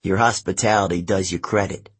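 A man playing a calm, overworked courier who talks in an easygoing, slightly weary way. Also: sits low, a little fast, slightly rough. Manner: relaxed and easygoing, a little weary.

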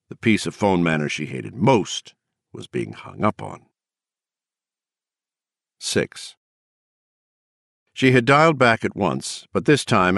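A man narrating an audiobook in an expressive, measured reading. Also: low voice, no room sound, clean studio sound.

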